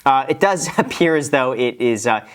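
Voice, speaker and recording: A man's voice: mid-range voice, animated, moderate pace, clear, resonant tone. A man, giving casual, joking reaction commentary with chuckles and restarts. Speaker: host reacting to a video.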